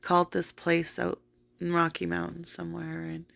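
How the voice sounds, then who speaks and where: Very creaky, flat-voiced woman vlogger. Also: on the low side, moderate pace. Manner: rambling storytelling with many fillers. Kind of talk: casual vlog monologue.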